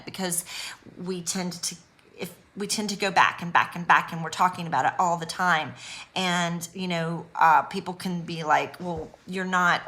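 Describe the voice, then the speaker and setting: A woman's voice: fairly low pitch, pushed and bright. A woman talking to camera in an unedited personal vlog, nervous and earnest, reassuring her viewers with lots of ums and restarts. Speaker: YouTuber speaking on abuse recovery.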